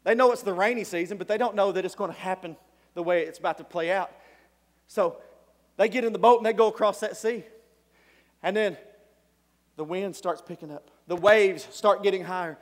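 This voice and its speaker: A man preaching a sermon, telling a story with animated energy, breaking into shouts and chuckling often. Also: high voice, a little fast, pauses often. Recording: long hall reverb.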